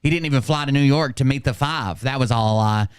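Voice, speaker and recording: A man's voice: mid-range voice, fast talker, smooth, no echo, studio quality. A man hosting a commentary channel, talking in a sarcastic, scornful way. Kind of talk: critical commentary.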